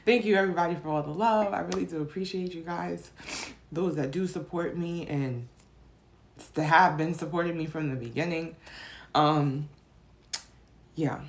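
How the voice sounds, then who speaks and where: A woman's voice: deep voice, moderate pace, long pauses, slight background noise. A young adult woman telling her personal story in a vlog, rambling with many fillers and restarts, tearful and emotional. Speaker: vlogger.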